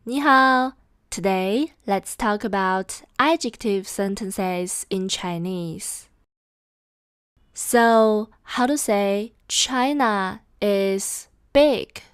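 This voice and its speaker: A woman gives a scripted language lesson at a very slow, deliberate pace, repeating each model phrase. Her voice is smooth and clear, recorded close and dry with no room sound. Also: medium pitch, no room sound. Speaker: language teacher.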